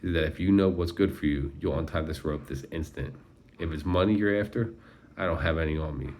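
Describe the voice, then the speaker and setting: Give me a cold, clipped strict teacher, as a male narrator does him, deep and low. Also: a little fast, a little hiss or hum. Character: stern older male schoolteacher, tied up.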